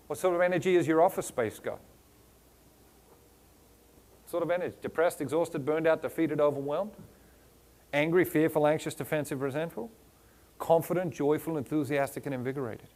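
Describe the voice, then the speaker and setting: A man with a foreign accent giving a motivational keynote to a live audience, firing off rhetorical questions and lists of words, with playful teasing. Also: on the high side. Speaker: motivational speaker. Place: stage before a live audience.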